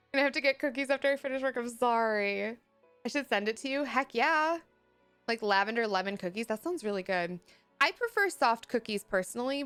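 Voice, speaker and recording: A woman's voice: fairly high pitch, a bit bright, clear, resonant tone. A young woman chatting casually on a live stream, reading chat messages aloud and laughing often. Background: faint music.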